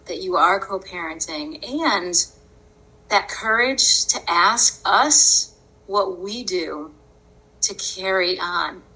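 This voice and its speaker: A woman hosting a podcast, telling a personal story in an earnest, unhurried way and often breaking into laughter. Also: on the low side, pushed and bright, poor audio. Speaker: podcast host.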